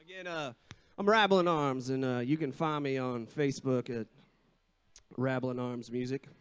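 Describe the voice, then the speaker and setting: A man's voice: mid-range voice, normal speed, clear, resonant tone, dry recording. A singer-songwriter man chatting between songs on a live bar stage, rambling and easygoing with many fillers. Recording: lo-fi live bar stream with music.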